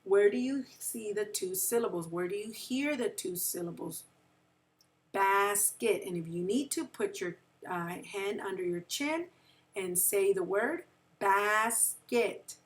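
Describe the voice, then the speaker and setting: A woman's voice: medium pitch, animated, moderate pace, a little mellow, recorded from a distance. A woman teaching a phonics lesson to young children. She patiently stretches out example words and keeps checking in with "right?". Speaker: second grade teacher.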